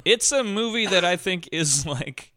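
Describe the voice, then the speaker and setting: A man's voice: sits high, animated, measured pace, music in the background. A man in his forties co-hosting a movie podcast, chatting casually with profanity and sarcasm, often mocking lines in put-on voices. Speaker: podcast co-host. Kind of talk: casual chat about movies.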